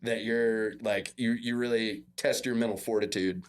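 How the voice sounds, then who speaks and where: A man's voice: on the low side, normal speed, a little hiss or hum. A young man casually recounting a practice story, quoting his coach with a raised voice. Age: young adult. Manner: relaxed, self-deprecating, quotes coach in a raised voice. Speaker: podcast guest, former football walk-on.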